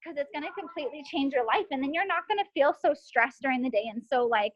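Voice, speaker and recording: A woman's voice: high voice, expressive, quick pace, lo-fi sound. A woman in her thirties and mother of four, talking casually and upbeat to her team on a group call, with many fillers. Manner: chatty, upbeat, filler-heavy. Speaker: team leader.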